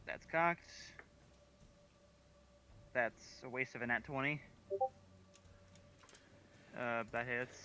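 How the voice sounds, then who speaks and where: A man of middle pitch speaks quietly and haltingly as he declares his attacks in a tabletop game. His voice comes through a remote mic. A clear hiss runs under everything he says. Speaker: player. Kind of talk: casual tabletop game play.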